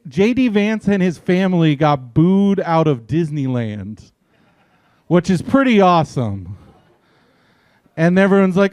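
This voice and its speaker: A man's voice: high voice, a little mellow, clear, resonant tone, no room sound. A man in his forties doing a stand-up set at a small live venue, telling dry, profane stories and acting out quotes. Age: 40s. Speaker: stand-up comedian.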